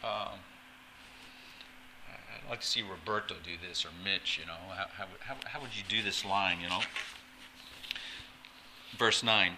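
A man's voice: on the low side, measured pace, pauses often, bright, forceful tone, a little hiss or hum, low-quality recording. A man preaching a conversational sermon as a pastor, often stumbling over and repeating words with chatty asides.

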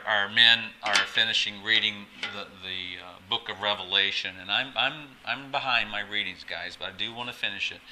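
Low, sharp-toned pastor, halting and chatty. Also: male voice, slight background noise, low-quality recording. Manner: hesitant, repeats words, chatty asides. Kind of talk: conversational sermon.

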